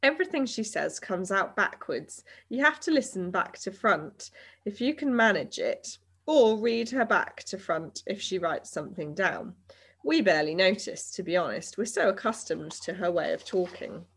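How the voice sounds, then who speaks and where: A woman's voice: medium pitch, animated, normal speed, a bit bright, husky. A woman voicing a shy, matter-of-fact boy who explains things patiently. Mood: explaining.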